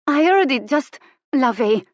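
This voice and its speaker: A woman voicing a sullen, startled young girl who speaks high and tremulously. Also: animated, unhurried, dry recording, clean studio sound.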